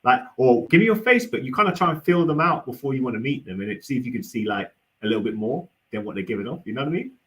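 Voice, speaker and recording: A man's voice: mid-range voice, animated, very fast, fairly bright tone, low-quality recording. Rambling young man, many restarts. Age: young adult. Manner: rambling, hesitant, lots of restarts and fillers. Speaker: panel guest. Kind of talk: casual debate.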